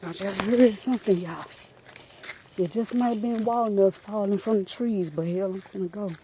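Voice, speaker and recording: A woman's voice: medium pitch, moderate pace, mellow, slight background noise. A woman chatting casually to her viewers while walking a nature trail outdoors, out of breath and talking into a handheld phone. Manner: chatty, keeps addressing viewers as y'all. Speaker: vlogger.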